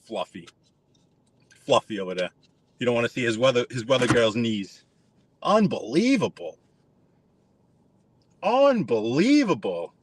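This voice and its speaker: A man's voice: medium pitch, big pitch swings, a little slow, long pauses, slightly rough. A man, ranting sarcastically on a live stream while driving his car. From New York. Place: inside a car.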